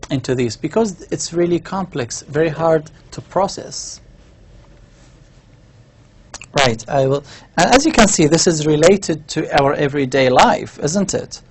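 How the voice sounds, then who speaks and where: A man giving a university lecture, explaining step by step while writing on a board and often checking in with the class. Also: on the high side. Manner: writes on a board while talking.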